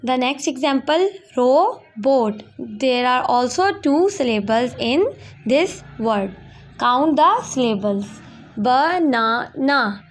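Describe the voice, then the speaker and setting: A young woman teaching a school language lesson, stretching out example words slowly and explaining points quickly in between. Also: high voice, expressive. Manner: slow, drawn-out words for pronunciation practice; switches quickly between English and Hindi explanations. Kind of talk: classroom lesson video.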